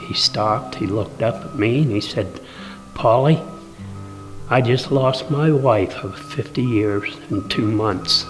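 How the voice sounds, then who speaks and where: Man speaking slowly and measuredly. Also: medium pitch. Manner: slow, measured, emotional recollection. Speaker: son remembering his father. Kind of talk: interview.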